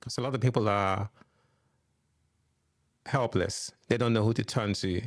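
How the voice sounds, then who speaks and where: A man's voice: fairly low pitch, fairly even intonation, a little slow, no room sound, studio quality. A man hosting a podcast, asking questions and encouraging his guest with short affirmations. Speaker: podcast host. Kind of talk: conversational interview.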